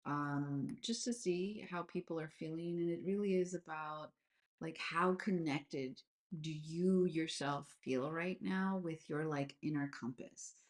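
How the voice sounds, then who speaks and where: Low-voiced woman in her forties, rambling. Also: a little slow, echoey room. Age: 40s. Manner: animated, rambling, lots of fillers. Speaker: host. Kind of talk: casual video call chat. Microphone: video call.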